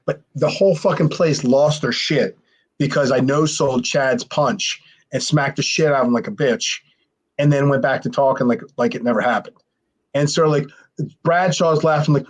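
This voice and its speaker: A man's voice: medium pitch, normal speed. A man in his forties, a former pro wrestler and podcast guest, telling a rowdy story with swearing and acted-out dialogue. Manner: profane, animated, acts out quoted dialogue, restarts often. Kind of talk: casual storytelling.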